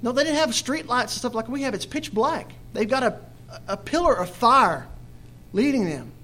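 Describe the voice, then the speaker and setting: A man's voice: extremely high pitch, expressive, normal speed, bright, forceful tone, slight background noise. A man preaching a Bible study sermon, reading scripture aloud and then explaining it with questions to his listeners, acting out the people's complaints in quoted voices.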